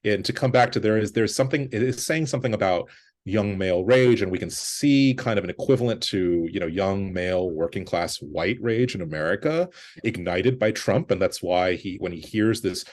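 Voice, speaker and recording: A man with a notably deep, low voice speaks as a guest film critic. He talks in relaxed conversational analysis and often restarts his sentences mid-thought. Now and then he lifts his voice to quote a character. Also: moderate pace.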